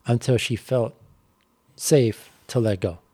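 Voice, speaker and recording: A bike racer tells a personal story on a casual podcast, speaking candidly and reflectively with plenty of fillers. His mid-range voice is slow, warm and husky, and the recording has no echo.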